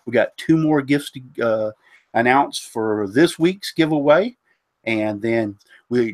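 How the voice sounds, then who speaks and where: A man's voice: mid-range voice, dry recording. Sick man hosting a live show. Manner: rambling, stumbles over names, frequent fillers. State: congested, recovering from a cold. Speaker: host of a woodworking live show. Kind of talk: casual live-stream chat.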